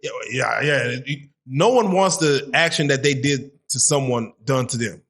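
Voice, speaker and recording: A man's voice: mid-range voice, expressive, unhurried, fairly bright tone. A man interviewing a guest, asking questions in a casual, hesitant way.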